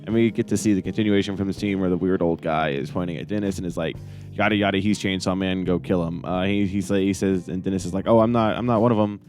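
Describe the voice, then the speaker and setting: Deep-voiced man rambling through a manga recap. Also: steady tone, fast talker, a little mellow, faint music behind. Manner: rambling, joking, mock-quoting characters. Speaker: podcast host. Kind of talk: casual manga review chat.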